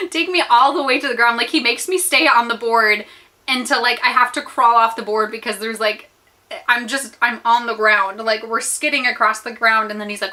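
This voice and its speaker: A young American woman telling a story to her viewers in a chatty, animated way with many fillers while she eats. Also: on the high side. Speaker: vlogger. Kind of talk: storytime chat while eating.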